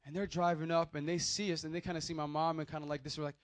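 A man's voice: fairly high pitch, level tone, fast talker, no echo. A young man, preaching a sermon and telling a personal testimony in a loose, conversational way. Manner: conversational storytelling with restarts and acted quotes.

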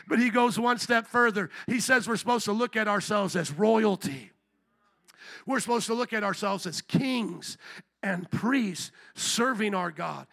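A man pastor preaching a sermon, emphatic, rising to shouted calls for amen and hallelujah. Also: sits high, vocal fry.

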